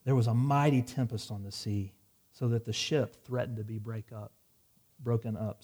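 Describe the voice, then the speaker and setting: A man's voice: on the low side, steady tone, normal speed, mellow, slightly rough. A man preaching a sermon, reading scripture dramatically and dropping wry asides. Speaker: pastor.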